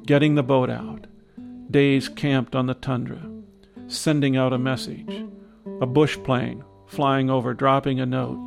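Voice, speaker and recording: An older man telling a first-person adventure story in measured, reflective, clipped phrases. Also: mid-range voice, creaky. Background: soft guitar music.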